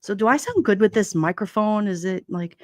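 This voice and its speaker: A chatty woman hosts a relaxed livestream, reading out viewer comments. She laughs often and talks through lots of fillers at a middle pitch. Her voice is dry and close on a headset mic. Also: fairly quick, no echo. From Brooklyn, New York. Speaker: livestream host. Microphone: headset mic with headphones.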